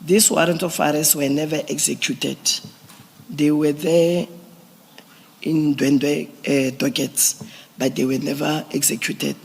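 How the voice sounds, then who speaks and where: A man giving formal testimony to a commission, explaining police procedure step by step with halting restarts. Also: fairly high pitch, fairly even intonation, vocal fry, breathy edge. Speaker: police witness at a commission hearing. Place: large hearing room. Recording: echoey hearing room.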